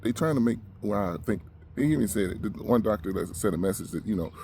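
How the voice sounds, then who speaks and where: A man's voice: lowish voice, expressive, quick pace, a little mellow, slight background noise. A man ranting emotionally to the camera, agitated and short of breath, repeating himself as he talks. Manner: agitated, repetitive, heated. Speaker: vlogger.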